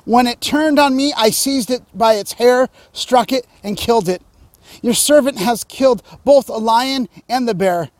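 Male pastor, high voice, earnest preaching, dry recording. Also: unhurried, a little mellow, no room sound. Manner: earnest, direct appeals to listeners. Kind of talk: sermon.

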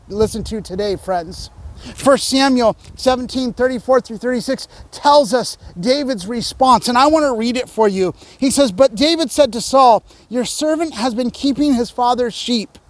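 High-voiced male pastor preaching. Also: no room sound. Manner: earnest, direct appeals to listeners. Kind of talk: sermon.

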